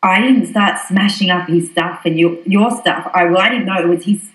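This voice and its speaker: A woman's voice: on the low side, moderate pace, echoey room, lightly acted, rough recording. An actress playing a young woman on a date, apologizing and insisting on her side, stammering. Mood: defensive. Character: young woman admitting a one-night stand, defensive. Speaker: date confessing. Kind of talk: conversational web-series acting.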